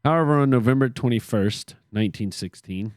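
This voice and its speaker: A man's voice: medium pitch, fairly quick, darkish tone, dry recording, studio quality. A man co-hosting a casual podcast, reading history from his notes with joking, sarcastic asides. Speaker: podcast co-host.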